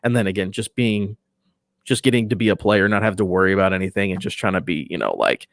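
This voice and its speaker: A man who is a voice actor and podcaster, a guest in a casual interview, talking in a relaxed, enthusiastic way and often trailing off softly. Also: sits low, quick pace, dry recording, clean studio sound.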